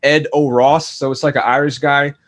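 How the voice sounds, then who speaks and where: A man's voice: on the high side, flat delivery, moderate pace. A man as a podcast guest, chatting casually about a TV series, thoughtful, with many fillers and restarts. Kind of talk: casual TV discussion.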